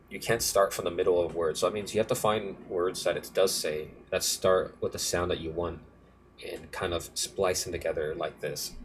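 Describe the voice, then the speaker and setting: A deep-voiced young man, a music producer, records a casual on-screen walkthrough of his project file. He rambles, corrects himself, and keeps things offhand, with slight background noise.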